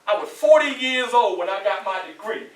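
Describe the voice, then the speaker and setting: A man with a Southern US accent giving a motivational speech to students in a college hall, preachy and animated, often asking the crowd questions. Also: high-pitched, brisk, slight background noise. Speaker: motivational speaker. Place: large echoey college hall. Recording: echoey hall, voice from far off.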